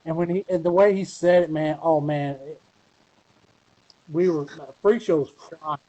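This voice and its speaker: A man's voice: fairly high pitch, unhurried, mellow, lo-fi sound. A man being interviewed, telling a long story casually with many fillers and restarts. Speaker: wrestler guest.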